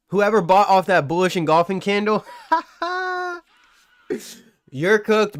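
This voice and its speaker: A man hosts a live trading stream, talking through the charts while ribbing his chat with slangy, boastful banter. His voice sits on the higher side for a man. The sound is dry and close, with no room echo. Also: lively intonation, slow pace, pauses often. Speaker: livestream trading host.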